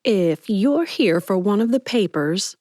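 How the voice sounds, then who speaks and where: A woman's voice: mid-range voice, expressive, unhurried, darkish tone, dry recording, clean studio sound, natural voice. A woman voicing a young female newspaper reporter in an audiobook, level and questioning. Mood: probing.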